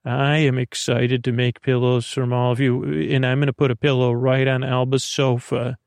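A man's voice: medium pitch, little pitch movement, moderate pace, creaky, a little mellow, no room sound, clean studio sound, close to an everyday voice. A man voicing a dreamy, chatty female fairy helper who rambles and loses her train of thought, in a bedtime storybook. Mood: delighted. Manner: rambling, scatterbrained, full of fillers.

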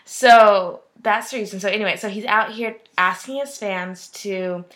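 A woman's voice: mid-range voice, unhurried, fairly bright tone. A young woman co-hosting a podcast, telling a story in casual chat with playful bravado. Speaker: podcast co-host.

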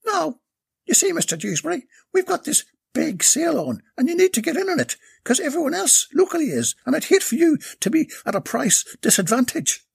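A man doing a shrill Irish saleswoman. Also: wildly swooping pitch, brisk, gravelly, dry recording, studio quality, heavily acted. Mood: wheedling. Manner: high put-on falsetto, wheedling. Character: flirty Irish saleswoman, pushy and theatrical.

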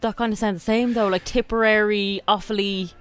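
A woman's voice: medium pitch, fairly even intonation, brisk, soft background music. An Irish woman co-hosting a radio show, chatting in an easygoing, hesitant way. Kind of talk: casual radio banter.

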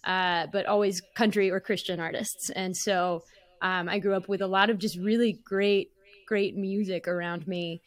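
A woman's voice: medium pitch, steady tone, normal speed. A woman from Missouri, a songwriter guest, talking in easygoing chat. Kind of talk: casual interview chat.

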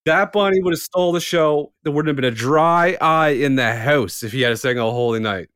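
A man's voice: a little high, a little fast, fairly bright tone, smooth, no echo, studio quality. A man co-hosting a podcast in casual chat, stubborn and emphatic as he argues his point. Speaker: podcast co-host.

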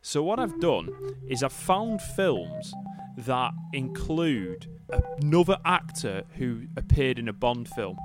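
A chatty man runs a casual quiz on a podcast, his voice lively and rising and falling a lot as he explains the rules with little restarts. Loud music plays under his talk. He sounds like he is talking over a video call. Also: medium pitch, takes it slowly, hardly any pauses.

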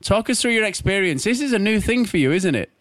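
An Australian man with a high voice co-hosts a sports chat. He sounds close and dry on the mic and laughs often while he teases. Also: sing-song, quick pace, a bit bright, dry recording. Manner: laughing, cheeky teasing. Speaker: co-host. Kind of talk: casual banter.

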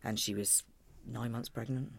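A woman's voice: a bass voice, fairly even intonation, moderate pace, vocal fry, husky, dry recording. A middle-aged woman, a guest telling a personal story frankly and with lots of animation.

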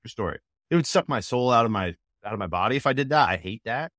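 A man answering interview questions about cold calling, energetic, slipping into quoted call snippets. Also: medium pitch, fast, no echo, clean studio sound. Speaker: sales expert guest.

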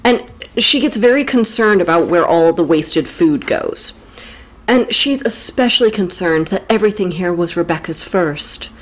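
A woman's voice: fairly low pitch, animated, normal speed. A woman co-hosting a podcast, recapping a classic novel in casual, jokey chat with frequent laughs. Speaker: podcast co-host.

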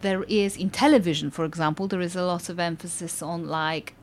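A woman from Eastern Europe hosting a relaxed interview. Her voice sits fairly low, and she thinks aloud with frequent fillers and restarts. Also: fairly quick. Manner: thoughtful, hesitant with many fillers and restarts. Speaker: podcast host. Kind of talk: conversational interview.

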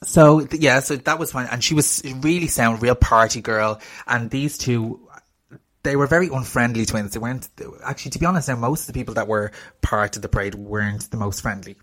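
A man with an Irish accent, co-hosting a casual chat and telling an animated story, swearing freely and laughing often. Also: mid-range voice, a little fast. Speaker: podcast co-host.

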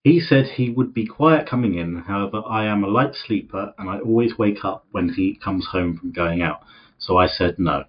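A man's voice: on the low side, moderate pace. Jokey young man, dull lo-fi sound. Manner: laughs often, jokey. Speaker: podcast co-host. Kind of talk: casual chat, reading a post aloud. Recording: dull lo-fi audio from the wrong microphone.

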